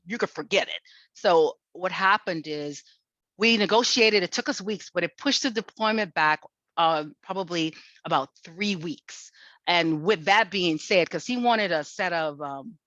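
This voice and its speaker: A woman's voice: on the low side, no room sound, dull audio. A woman giving a seminar lecture, telling workplace stories and acting out the quoted conversations. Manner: lively storytelling, acts out quoted exchanges.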